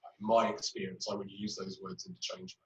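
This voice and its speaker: A man's voice: lowish voice, very animated, fast talker, creaky. A man teaching clinical communication skills in a webinar, explaining with patient examples and frequent fillers. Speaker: clinical trainer. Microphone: webinar recording. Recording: roomy, distant, dull audio.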